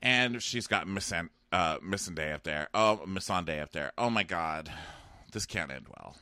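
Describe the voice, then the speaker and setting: A man co-hosting a casual recap show, jokey and quick to mimic characters in a high voice. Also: lively intonation, pushed and bright, dry recording, clean studio sound. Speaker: podcast co-host.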